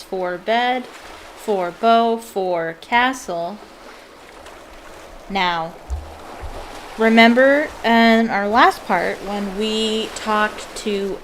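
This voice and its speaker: A woman's voice: medium pitch, slight background noise. A young woman casually commenting on a puzzle game, musing aloud and hesitant, with many fillers. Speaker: let's play gamer.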